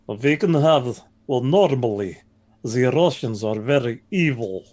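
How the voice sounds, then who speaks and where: A man's voice: mid-range voice, animated, unhurried, darkish tone. Joking, rambling man in game chat. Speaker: tabletop game player.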